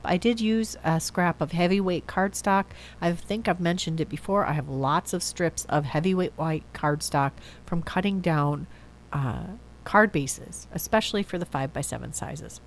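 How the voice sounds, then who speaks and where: A woman's voice: on the low side, slight background noise. A woman with a stuffy nose from a cold, chatting casually through a card-making voice-over and often correcting herself. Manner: chatty, self-correcting, thinks aloud. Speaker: card-making video host.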